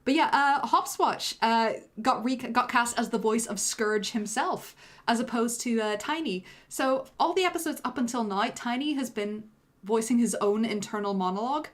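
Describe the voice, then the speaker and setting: A woman's voice: a little high, moderate pace. Rambling young woman streamer. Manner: rambling, self-deprecating, full of fillers and laughs. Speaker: animator and streamer. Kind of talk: director's commentary on a livestream.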